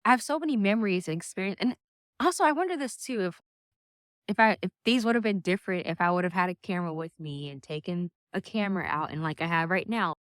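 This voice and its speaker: A woman's voice: on the low side, fast, dry recording, clean studio sound. A young woman talking casually to a camera on a stand, chatty, laughing often and restarting her sentences. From United States. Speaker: vlogger.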